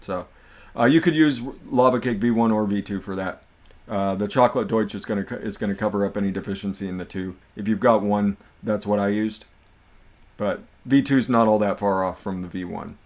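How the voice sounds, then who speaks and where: A man hosting a casual livestream, chatting in a relaxed, jokey way with friends. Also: on the low side, a little fast. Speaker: livestream host.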